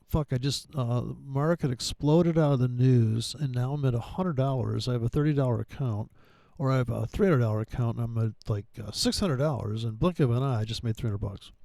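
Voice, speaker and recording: A man talks through his forex charts in a loose, rambling way, swearing freely and dropping sarcastic jokes. His voice is gravelly and dark, and the room sounds dry and close. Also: mid-range voice, no room sound. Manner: rambling, profane, sarcastic asides. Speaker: forex trading educator. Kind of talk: casual profane trading commentary.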